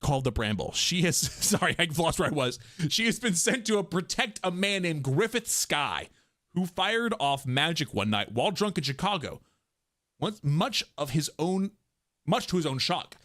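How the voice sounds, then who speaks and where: Animated, bright-voiced male streamer. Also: fairly high pitch, moderate pace. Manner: animated, jokey and self-mocking, laughs often. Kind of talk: casual live-stream chat while reading voice scripts.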